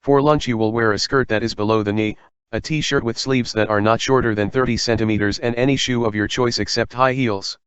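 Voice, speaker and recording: A man's voice: medium pitch, fairly even intonation, fairly quick, a bit bright, smooth, no echo, lo-fi sound, lightly acted. A man reading as a stern bossy prefect girl. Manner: stern, commanding instructions. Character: strict female senior prefect, bossy.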